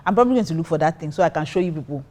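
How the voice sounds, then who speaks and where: A woman's voice: deep voice, lively intonation, rapid-fire, warm tone. A woman pastor telling a personal story in casual talk, acting out her own reactions. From Nigeria. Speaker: pastor and co-host.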